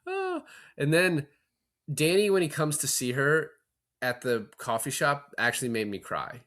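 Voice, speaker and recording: A man's voice: a little high, very animated, a little slow, a bit bright. A man co-hosting a podcast, chatting casually about a movie and swearing freely as he retells scenes. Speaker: podcast co-host. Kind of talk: casual film-review chat.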